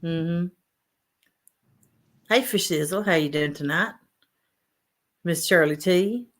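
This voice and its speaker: A woman's voice: on the low side, slow pace. A woman hosting a casual fishing livestream, reading out chat names and greeting viewers. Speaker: livestream host.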